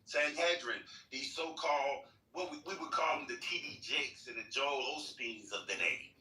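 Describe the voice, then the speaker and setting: A man's voice: medium pitch, moderate pace, bright, forceful tone. A man reading scripture aloud and commenting on it with folksy fervor. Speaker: speaker in an online voice room. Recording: echoey, distant, faint hiss.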